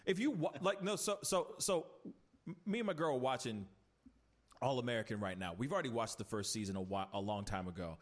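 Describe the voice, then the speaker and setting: Chatting casually on his podcast, this man rants animatedly about TV shows in a brisk, mid-range voice. His rant includes mocking quoted voices.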